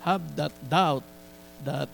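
A man preaching a sermon, slow and deliberate, mixing Tagalog phrases into his English. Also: on the high side, creaky, a little hiss or hum, rough recording.

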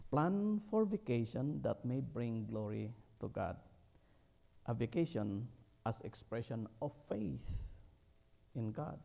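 Gravelly middle-aged man preaching haltingly. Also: mid-range voice, dark tone. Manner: halting, with many fillers and restarts, rising emphatically on key words. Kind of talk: sermon.

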